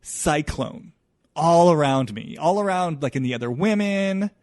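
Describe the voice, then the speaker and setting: A man hosting a solo podcast, talking in an earnest, searching and halting way. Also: on the high side, expressive, darkish tone, no room sound, studio quality. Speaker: podcast host. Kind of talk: solo introspective podcast monologue.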